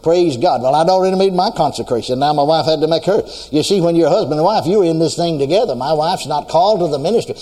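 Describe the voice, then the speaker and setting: A man's voice: fairly high pitch, quick pace, hardly any pauses, dark tone. A man preaching a sermon with fervor, breaking into praise exclamations and repeating phrases for emphasis. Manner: fervent, exclaims praises between sentences. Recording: long hall reverb.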